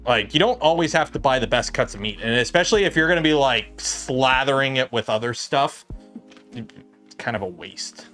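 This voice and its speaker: A man's voice: mid-range voice, animated, moderate pace, fairly bright tone, faint music behind. A man hosting a livestream, chatting in a rambling, filler-heavy way with plenty of "like" and "uh" while he works at his bench. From Canada. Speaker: livestream host. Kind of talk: casual livestream chat.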